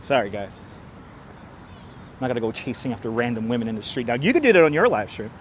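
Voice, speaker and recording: Walking outdoors along a city street, this livestream host, a man, chats with sarcasm and calls out viewers by name into his wireless clip-on mic. He talks fast in a mid-range, very animated voice, over slight background noise on poor audio.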